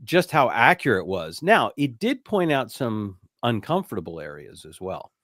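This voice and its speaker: A man's voice: medium pitch, wildly swooping pitch, normal speed, fairly bright tone, no echo, studio quality. A middle-aged man hosting a business podcast interview, talking in a reflective, conversational way. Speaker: host, company CEO.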